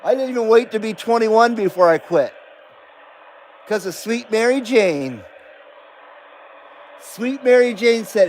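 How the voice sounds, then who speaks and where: A middle-aged man with a fairly high voice rambles casually through a live radio stream. He talks in a loose, laid-back way and swears freely. A faint hum sits behind him. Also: lively intonation, measured pace, long pauses, low-quality recording. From Nevada, US. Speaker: CB radio livestream host.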